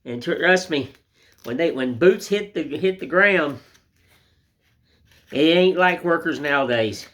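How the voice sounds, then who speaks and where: A man's voice: on the high side, expressive, a little slow, pauses often. A man who chats in a folksy, rambling way while he carves wood in his workshop. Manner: folksy, rambling, down-home sayings. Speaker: woodcarver. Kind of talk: casual chat while carving. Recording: loud workshop tool noise. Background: loud chisel and mallet knocks.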